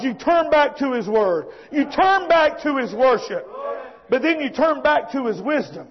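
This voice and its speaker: A man preaching a fervent, folksy sermon that often rises into shouting. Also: very high-pitched, very animated, measured pace. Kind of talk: fiery sermon. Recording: dull lo-fi sound.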